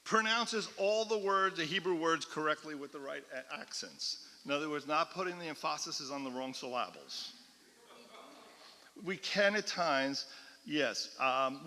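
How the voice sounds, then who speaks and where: A man's voice: fairly high pitch, bright, forceful tone. A man, a cantor, teaching a class in an explanatory lecture style, often checking in with his listeners. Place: synagogue classroom or hall. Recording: long reverb of a hall.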